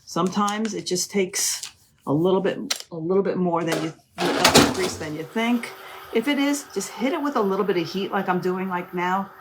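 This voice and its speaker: A woman's voice: fairly low pitch, moderate pace, noisy background. A middle-aged woman hosting a live crafting demonstration, chatty and gushing, often calling her viewers "ladies". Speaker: crafting live-stream host.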